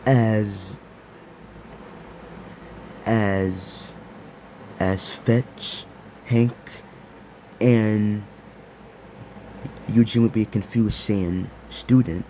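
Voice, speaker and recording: Slow, halting male storyteller. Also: fairly low pitch, fairly even intonation, warm tone, slight background noise. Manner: halting, full of repeats and restarts. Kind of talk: improvised fan story narration.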